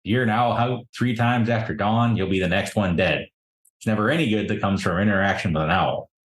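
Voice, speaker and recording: A man with a lowish voice narrates as game master of a tabletop game, unhurried and descriptive. His recording carries a roomy echo.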